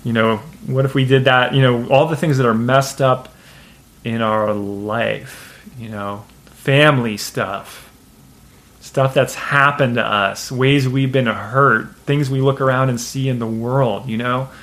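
Gravelly-voiced man preaching casually. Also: medium pitch, unhurried, fairly bright tone. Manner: conversational, many fillers, shifting pace. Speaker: pastor. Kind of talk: casual sermon.

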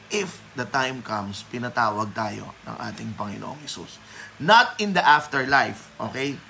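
A man's voice: a little high, bright, forceful tone, slight background noise, rough recording. A man with a Filipino accent giving a Bible teaching sermon to an online audience, moving freely between English and Tagalog and greeting listeners by name. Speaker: preacher.

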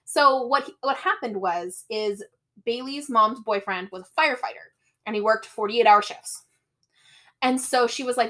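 A woman's voice: on the high side, unhurried. A young woman co-hosting a podcast, animatedly retelling a book's plot and mimicking its characters. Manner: animated storytelling, mimics characters, laughs often. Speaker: podcast co-host. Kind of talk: casual chat comparing book and movie.

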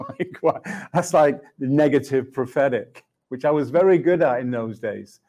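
A middle-aged man recounts a personal faith story in an easy conversational way. He is reflective, laughs readily and voices the exchanges he describes. His pitch sits in a plain middle range. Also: huge pitch swings, normal speed, darkish tone. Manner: reflective, laughs often, acts out dialogue with God. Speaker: Christian speaker.

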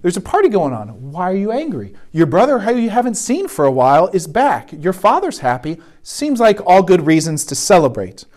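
A man's voice: high voice, wildly swooping pitch, moderate pace, hardly any pauses, darkish tone. A man giving a conversational sermon at a retreat, often checking in with "right?". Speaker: retreat speaker. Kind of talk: sermon talk.

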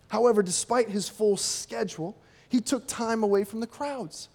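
High-voiced preacher giving a sermon. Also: male voice, a little fast, a little mellow. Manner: conversational, rhetorical questions, acts out quotes.

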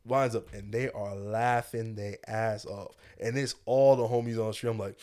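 A man's voice: lowish voice, normal speed, hardly any pauses. A man co-hosting a podcast, telling a story in casual chat with heavy slang. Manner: animated storytelling, heavy slang, laughs often. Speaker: podcast co-host.

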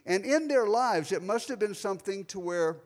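A middle-aged male pastor preaching a sermon, animated, swinging from loud emphasis to quiet asides. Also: high voice, moderate pace. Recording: long hall reverb.

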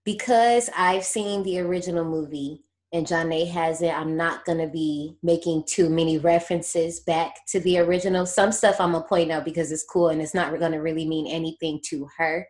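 A woman hosting a casual movie podcast, telling the story in a lively, slangy way and laughing often. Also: low voice, normal speed, hardly any pauses. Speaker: podcast host recapping a horror movie. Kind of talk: casual chat.

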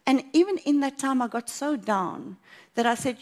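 A woman giving a personal faith testimony at church, telling her story in a lively way and acting out what she thought at the time. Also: high voice, moderate pace. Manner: animated storytelling, acts out her own past thoughts, laughs often.

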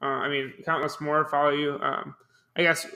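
A young man interviewing a guest, asking questions in a hesitant, halting way with many fillers. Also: a little high, flat delivery, vocal fry, bright, forceful tone. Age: young adult.

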